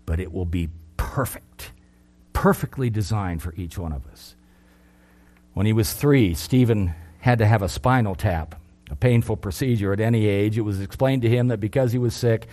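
A middle-aged man preaching a sermon, earnest, lifting his voice for emphasis and then dropping low. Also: a little mellow.

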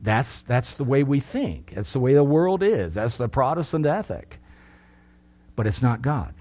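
A middle-aged man preaching a sermon, earnest, lifting his voice for emphasis and then dropping low. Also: very animated, measured pace, darkish tone.

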